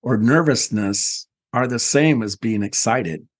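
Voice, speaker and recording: A man hosting an interview show, talking haltingly and searching for words with many fillers. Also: medium pitch, no echo. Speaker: podcast host. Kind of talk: conversational interview.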